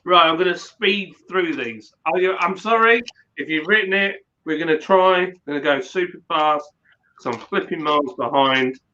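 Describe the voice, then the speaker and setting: A man co-hosting a casual live chat over beers, excitable and jokey. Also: fairly high pitch, moderate pace, slight background noise. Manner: excitable, jokey, slips into silly put-on voices. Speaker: livestream co-host. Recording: slightly dull lo-fi stream audio.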